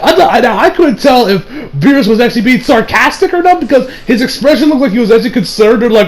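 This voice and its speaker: Excitable high-voiced young man. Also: fast talker. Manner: excitable, profane, laughs often. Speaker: anime reviewer. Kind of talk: casual review vlog.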